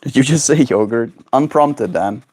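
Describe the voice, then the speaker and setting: A man livestreaming at home. He chats casually with his viewers and talks baby talk to his pet birds in a high, cooing voice. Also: lively intonation, normal speed, a little mellow.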